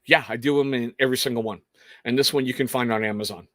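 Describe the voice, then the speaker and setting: A man's voice: medium pitch, steady tone, fast talker, fairly bright tone, no room sound, clean studio sound. A man hosting a casual livestream, talking in a rambling, earnest way with frequent restarts. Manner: rambling, self-interrupting, earnest. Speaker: livestream host.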